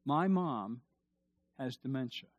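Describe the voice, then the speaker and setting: A middle-aged pastor delivers a sermon slowly in an animated, mid-range voice, swelling into emphatic bursts and asking the congregation to echo him. The highs are cut off.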